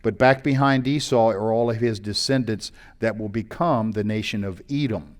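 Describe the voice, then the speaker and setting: A man's voice: fairly low pitch, moderate pace. A middle-aged American man, a pastor, preaching a sermon, reading scripture aloud and commenting on it in a conversational way.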